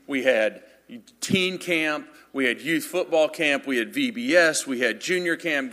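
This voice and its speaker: A man in his thirties preaching a sermon, telling funny stories about himself and building up to loud, emphatic passages. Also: mid-range voice, normal speed. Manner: animated storytelling with self-deprecating humor, building to loud emphatic passages. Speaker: pastor. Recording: long reverb of a large hall.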